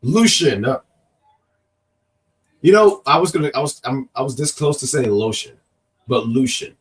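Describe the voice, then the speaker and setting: A rambling male co-host of a wrestling review show, a bit off-mic and far away, speaks at normal speed in an expressive mid-range voice. Working with a cough, he jokes and reads chat comments aloud during casual live-stream chat.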